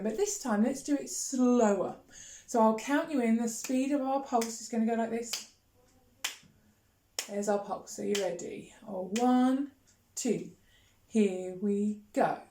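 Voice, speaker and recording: A woman's voice: fairly high pitch, warm tone. Female music teacher, upbeat and encouraging, counts in and chants rhythms; roomy echo. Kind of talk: children's music lesson. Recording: echoey room with faint noise.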